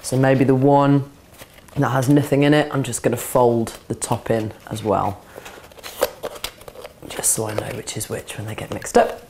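Low-voiced woman teaching a dog. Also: unhurried, pauses often, a little hiss or hum. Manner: calm, practical explaining, breaking into soft praise and commands to a dog. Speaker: dog trainer. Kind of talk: instructional demonstration. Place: indoors, training session with a dog.

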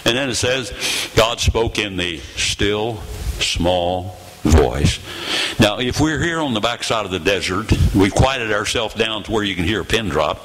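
An older man in his eighties preaches to a church congregation, his voice bright and forceful. He tells stories in an animated way, slowing down and pausing for effect. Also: lowish voice, slight background noise, rough recording. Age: 80s. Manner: animated storytelling, dramatic pauses and slowed phrases. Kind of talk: sermon.

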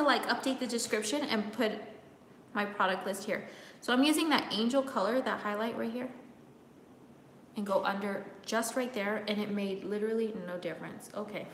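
A woman's voice: a bit bright, a little hiss or hum. Playful woman, echoey room. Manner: playful, teasing, bursts into laughter and high sing-song bits. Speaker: makeup vlogger. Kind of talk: casual makeup tutorial chat with live comments. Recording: echoey room with long reverb.

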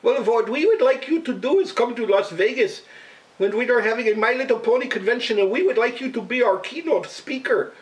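Man doing a goofy prank caller, high-pitched, fake cartoon-shopkeeper accent, played broad. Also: animated, fairly quick, distant mic, poor audio. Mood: mocking, chirpy. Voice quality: high, sing-song, exaggerated fake accent.

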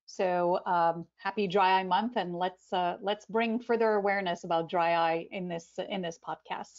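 Woman from Canada, podcast guest, enthusiastic tone, muffled distant audio. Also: medium pitch. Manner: bright, upbeat, enthusiastic. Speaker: guest, dry eye professor. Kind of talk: casual interview answer.

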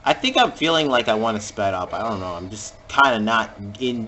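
A man giving jokey let's-play commentary over a video game and reacting with sudden loud exclamations. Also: lowish voice, expressive, fairly quick, hardly any pauses. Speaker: gamer playing through a video game.

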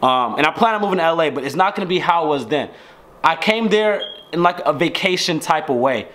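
A man's voice: fairly high pitch, expressive, fairly quick, a bit bright. A young man from Georgia in the US, rambling in slang to the camera at home and restarting his sentences. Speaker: vlogger. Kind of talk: casual chat to camera. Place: at home indoors.

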